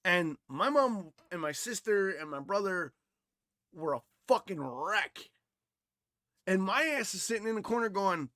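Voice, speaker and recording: A man co-hosting a podcast, talking bluntly and with lots of swearing, going from loud rants to quiet reflection. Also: high voice, lively intonation, a little slow, no room sound, clean studio sound. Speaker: podcast co-host. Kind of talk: casual chat.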